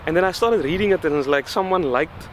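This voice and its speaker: A young man from South Africa with a South African accent, excitedly rambling through a casual storytime vlog. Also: a little high, fast talker, a little hiss or hum. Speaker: vlogger. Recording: background music under voice.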